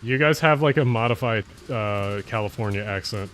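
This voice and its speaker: On a late-night livestream, a male streamer with a New Jersey/Philadelphia accent chats casually, rambling, cursing and slurring his words together. His voice is fairly low, his pace normal, and there's background noise.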